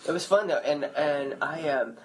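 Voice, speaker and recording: A man's voice: on the high side, moderate pace, a little hiss or hum, poor audio. A man, a stand-up comedian, chatting as a podcast guest and acting out little stories. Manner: animated storyteller, acts out other people's lines. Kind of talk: casual chat.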